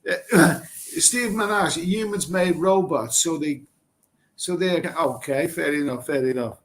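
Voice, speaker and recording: A man's voice: a little high, measured pace. A middle-aged man from England hosting a live stream, reading out viewer comments and reacting in a blunt, rambling way, swearing casually and repeating himself. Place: Thailand.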